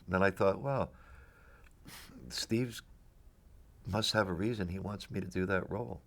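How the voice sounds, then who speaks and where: A middle-aged actor being interviewed, his voice low and rough with a gravelly edge. He rambles through stories with restarts and chuckles. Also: measured pace, a bit bright. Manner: rambling storyteller with restarts and laughs. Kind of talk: casual anecdotal interview.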